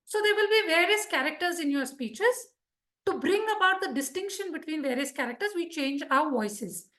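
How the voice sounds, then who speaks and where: A woman teaches public speaking to a live club, her voice high and bright with a husky edge. She keeps a lively, teacherly rhythm and keeps checking that her listeners follow. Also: moderate pace. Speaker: Toastmasters speaker teaching speech craft. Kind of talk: live instructional talk to a club.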